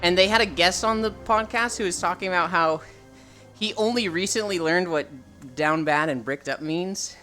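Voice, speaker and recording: A woman streamer chatting casually with her live chat, teasing viewers and telling animated stories. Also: fairly low pitch, normal speed, soft background music. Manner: animated storytelling with laughter.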